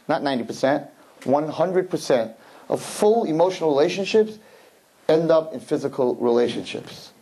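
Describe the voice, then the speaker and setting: Husky, animated man giving a sermon. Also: fairly high pitch. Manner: animated, emphatic, repeats words when starting; joking asides to the audience. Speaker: rabbi giving a talk to young women. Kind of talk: lively sermon with jokes.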